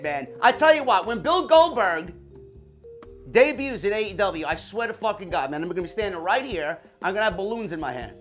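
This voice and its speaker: A man's voice: high voice, big pitch swings, normal speed, a bit bright, soft background music. A man from New York hosting a livestream wrestling podcast from his home basement, hyped and profane, tagging "man" onto almost every line. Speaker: wrestling show reviewer and host.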